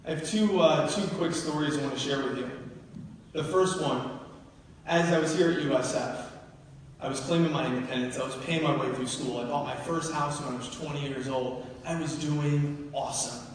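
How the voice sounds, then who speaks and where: A man's voice: on the high side, normal speed, a little hiss or hum. A man from New Jersey giving a live motivational speech to an audience in a large hall. He tells personal stories with feeling and asks the crowd questions. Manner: emotional storytelling, questions to the audience. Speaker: motivational speaker. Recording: echoey hall, from far off.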